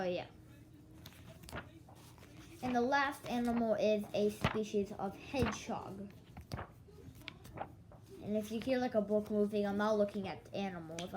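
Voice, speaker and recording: A woman's voice: medium pitch, noisy background. Sleepy young woman rambling casually. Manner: rambling, restarts, quotes others in dialogue. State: yawning, sleepy. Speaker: vlogger.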